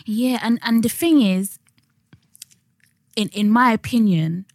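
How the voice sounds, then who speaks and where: A woman's voice: a little high, takes it slowly, a little mellow, dry recording, studio quality. A young woman co-hosting a podcast, chatting casually with slang and restarts. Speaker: podcast co-host. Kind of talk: casual chat.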